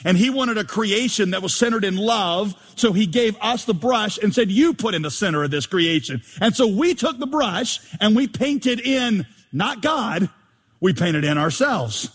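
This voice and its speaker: High, husky-voiced man preaching a sermon. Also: measured pace. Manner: animated, joking, rhetorical questions. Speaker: pastor. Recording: long hall reverb.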